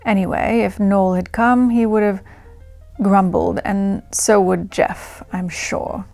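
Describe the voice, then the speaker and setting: A woman voicing a young English art student from the 1920s, reading her diary aloud in a put-on English accent with her voice pitched lower. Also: steady tone, takes it slowly, gravelly, darkish tone, soft background music. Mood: lively.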